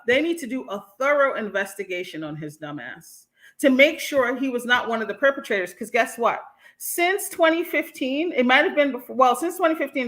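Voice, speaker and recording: A woman's voice: fairly high pitch, fairly bright tone. A woman hosting a livestream commentary, talking bluntly and heatedly to her chat, with frequent profanity. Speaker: host.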